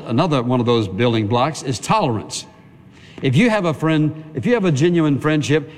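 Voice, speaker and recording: A man's voice: fairly high pitch, big-room sound, a little hiss or hum. A man preaching a sermon in a conversational style, calling on the congregation to answer amen.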